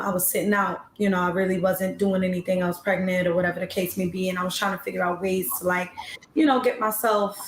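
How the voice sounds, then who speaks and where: A woman's voice: mid-range voice, slight background noise. Laid-back slangy woman in an echoey room. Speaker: battle rapper guest. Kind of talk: casual interview storytelling.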